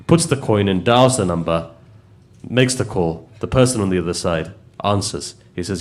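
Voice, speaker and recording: Preacher, lowish voice, chatty storytelling sermon. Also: male voice, moderate pace. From United Kingdom. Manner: conversational, asks the audience questions.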